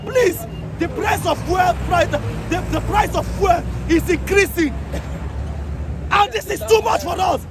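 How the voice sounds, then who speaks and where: Young man, Nigerian accent, pleading street protest, very high pitch, clear crowd noise behind. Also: a little slow. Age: young adult. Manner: pleading, often shouting. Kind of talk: impassioned street appeal. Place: outdoors on a busy street. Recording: noisy outdoor crowd recording.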